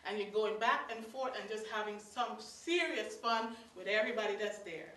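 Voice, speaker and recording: Lively Guyanese woman telling stories. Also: mid-range voice, moderate pace. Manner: lively and chatty, laughing between lines, piling up lists. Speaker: storyteller. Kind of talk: live storytelling to an audience. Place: meeting hall of a religious society. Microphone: distant room mic. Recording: echoey hall from far off.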